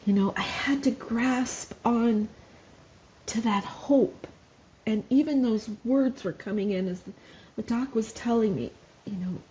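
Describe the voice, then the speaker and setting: A woman's voice: mid-range voice, warm tone, highs cut off, slight background noise. A middle-aged woman, a former nurse, telling her story on a podcast in an earnest way, laughing often as she speaks. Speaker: podcast guest, mother of a wounded soldier. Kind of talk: emotional podcast conversation.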